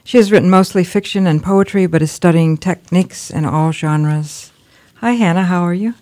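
A woman's voice: lowish voice, normal speed, a little mellow. A woman hosting a literary radio program, introducing readers and closing the show in a polished announcer manner.

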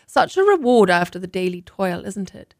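A woman's voice: medium pitch, sing-song, moderate pace, no echo, studio quality, pitched above the performer's own voice. A woman voicing her older, eccentric, bird-loving mother in quoted lines read from her memoir, exclamatory and frank. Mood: content.

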